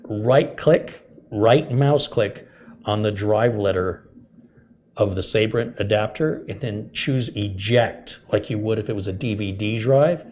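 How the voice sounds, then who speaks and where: Low-voiced man hosting a tech live stream. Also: a little slow, a little mellow, slight background noise. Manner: friendly, chatty, explains step by step. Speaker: tech channel host. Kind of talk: live-stream chat, answering viewer questions.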